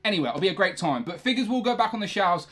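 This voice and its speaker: A man's voice: high-pitched, lively intonation, rapid-fire, a bit bright. A young man hosting a casual toy collecting livestream from his room, chatty and rambling, often correcting himself. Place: his own room, indoors.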